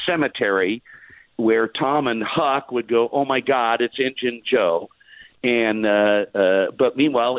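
A man's voice: mid-range voice, no echo. A man calls in to a radio show over a tinny phone line, his voice sitting in an ordinary middle range. He halts often, stacking fillers and restarting his sentences. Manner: halting, many fillers and restarts. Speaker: theater producer guest.

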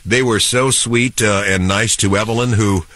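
A man's voice: lowish voice, fairly even intonation, moderate pace, a bit bright, no room sound. A man in his sixties, nasal from a head cold, co-hosting a chat show and telling rambling stories. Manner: rambling storyteller with many restarts and fillers. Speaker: radio show co-host. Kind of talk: casual chat.

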